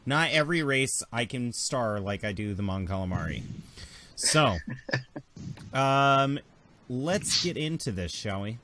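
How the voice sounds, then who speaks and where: A young man runs a tabletop game and jokes about his own bad accents. His voice is bright and lively, rising and falling a lot. A faint hiss runs under the recording. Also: mid-range voice, slow pace. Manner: joking, self-deprecating. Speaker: game master.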